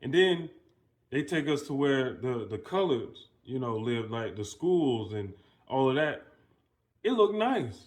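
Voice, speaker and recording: A man's voice: mid-range voice, sing-song, a little slow. A man hosting casual commentary and telling a story in a loose, profane way, with many restarts. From United States. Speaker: commentary host.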